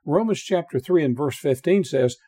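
A man preaching a verse-by-verse Bible sermon, reading scripture aloud and hammering home key words with earnest repetition, with frequent pauses and restarts. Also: a little high, expressive, dark tone, slightly rough. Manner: earnest, reads scripture aloud and stresses single words by repeating them; halting, with frequent uh fillers and restarts.

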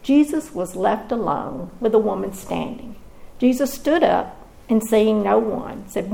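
A woman giving a scripted devotional Bible teaching in a measured, expressive storytelling manner. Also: medium pitch, vocal fry, low-quality recording.

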